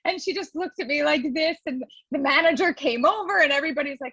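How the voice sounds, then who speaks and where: A woman in her forties chatting in an interview, telling animated stories and acting out quotes. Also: sits high, fast, no room sound. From United States. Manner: animated storyteller, acts out quotes. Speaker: guest, new immigrant. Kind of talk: casual interview chat. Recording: dull dry lo-fi sound.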